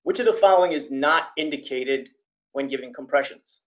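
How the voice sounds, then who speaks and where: A man's voice: medium pitch, brisk. A man lecturing as a CPR instructor, plain-spoken with dry joking asides. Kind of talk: classroom lecture. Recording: dull lo-fi recording.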